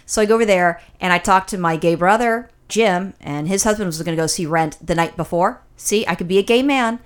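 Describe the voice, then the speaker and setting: Fast-talking chatty woman. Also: fairly low pitch, clear, resonant tone. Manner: chatty, profane storytelling with mimicry. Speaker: podcast host. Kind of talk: casual chat.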